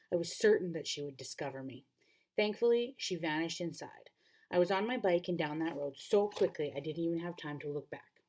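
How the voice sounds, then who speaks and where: Woman reading a class novel aloud. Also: deep voice. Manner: expressive reading with frequent self-corrections.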